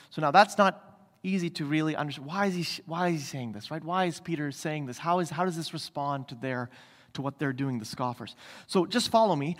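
High-voiced preacher in a reverberant church. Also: male voice, expressive, brisk, fairly bright tone. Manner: emphatic, repeats rhetorical questions to the congregation. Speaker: pastor. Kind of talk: sermon.

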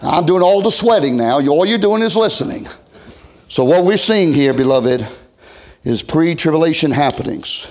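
Middle-aged man, pastor, high voice, folksy revival preaching with big loud-to-soft swings. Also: expressive, moderate pace. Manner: folksy, swinging from loud shouting to hushed near-whisper. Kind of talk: revival sermon.

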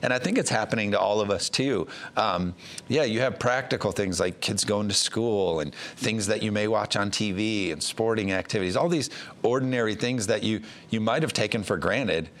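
A man's voice: fairly low pitch, fairly bright tone. A man from the United States, a pastor giving a conversational sermon, plain-spoken with frequent fillers and restarts.

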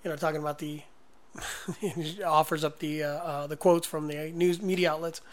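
Higher-voiced joking podcast co-host man. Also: flat delivery, normal speed. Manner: joking, chimes in with quips. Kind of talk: casual podcast chat.

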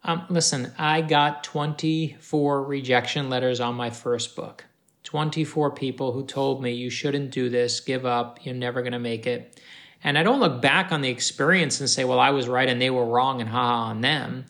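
A man's voice: medium pitch, normal speed. A man from Florida, an author being interviewed, giving emphatic advice, repeating key phrases for punch and acting out the dialogue in his stories. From North Miami Beach, Florida. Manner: animated storyteller acting out dialogue. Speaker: author guest. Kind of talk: motivational interview talk.

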